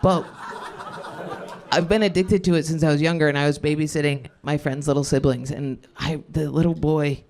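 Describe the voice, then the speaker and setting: A woman's voice: low voice, fairly even intonation, normal speed, darkish tone. A woman in her thirties doing crowd-work stand-up comedy on a club stage, rambling, cutting herself off and laughing at her own jokes. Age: 30s.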